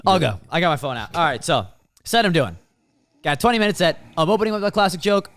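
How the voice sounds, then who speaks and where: Fast, high-voiced young comedian man. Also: no echo. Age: 20s. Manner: rapid, animated joke delivery. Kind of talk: running through a stand-up set.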